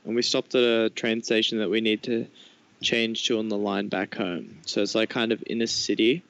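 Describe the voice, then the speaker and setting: A man's voice: on the low side, little pitch movement, moderate pace, vocal fry, fairly bright tone, muffled recording. A young man telling a story in casual podcast chat, rambling and filling it with "like". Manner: rambling storyteller, full of "like" and restarts. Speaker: podcast co-host.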